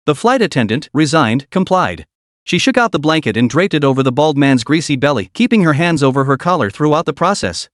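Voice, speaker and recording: A man reading a web-novel story aloud in a steady narration style. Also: on the high side, a little fast, dry recording, clean studio sound. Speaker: audiobook narrator. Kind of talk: scripted narration.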